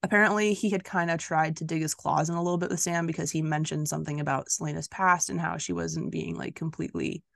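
A woman's voice: deep voice, fairly even intonation, fast, gravelly, hardly any pauses, no room sound. A woman co-hosting a podcast, chatting casually about a book, rambling and laughing often. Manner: giggly, rambling storyteller. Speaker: podcast co-host.

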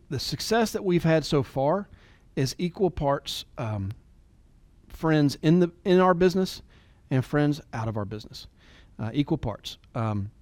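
A man in his forties giving an earnest, emotional motivational talk, at times dropping to a soft near-whisper. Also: on the high side, no echo. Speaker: business leader and motivational speaker.

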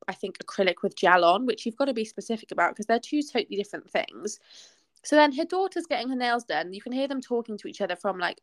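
A young woman co-hosts a chat podcast and tells a long story, leaning on "like" between phrases. Her voice sits at a middling pitch. The recording is close and dry. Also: no room sound. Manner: chatty storytelling, many "like" fillers. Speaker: podcast co-host. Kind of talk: casual chat.

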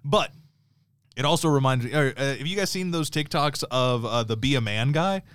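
A man's voice: mid-range voice, normal speed, a bit bright, clean tone, no room sound. Rambling, swearing podcast guy. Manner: rambling, swears a lot, laughs at own bits. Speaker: podcast co-host. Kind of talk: casual chat.

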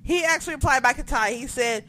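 A young woman on a podcast, telling stories in a casual, profane, animated way. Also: sits high, quick pace, a little hiss or hum. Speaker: podcast co-host. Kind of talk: casual chat.

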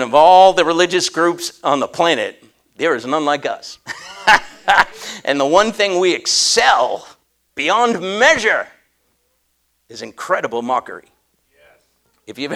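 A man preaching a humorous sermon, telling a story with jokes and frequent laughter. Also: a little high. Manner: animated, joking, laughs often.

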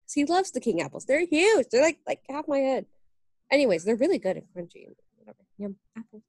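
A woman's voice: sits high, very animated, fast, darkish tone, no echo. A young woman co-hosting a podcast in casual chat, giggly and talkative, with lots of "like". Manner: chatty, giggly, heavy use of "like". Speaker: podcast co-host.

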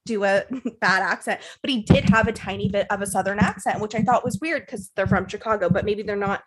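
A woman's voice: medium pitch, a little fast, heavy background noise. A young woman co-hosting a casual podcast, gossiping and recapping while mimicking the people she talks about. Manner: gossipy recapping, acts out voices. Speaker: podcast co-host. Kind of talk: casual chat.

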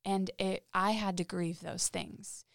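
Woman, low voice with vocal fry, heartfelt halting storytelling, dry close sound. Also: steady tone, dry recording. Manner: halting and heartfelt, with frequent restarts. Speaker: podcast guest. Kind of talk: candid interview storytelling.

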